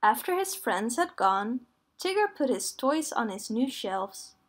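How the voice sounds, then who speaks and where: A woman reading a children's story aloud in a gentle, clear read-aloud manner. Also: on the high side, big pitch swings, a little slow.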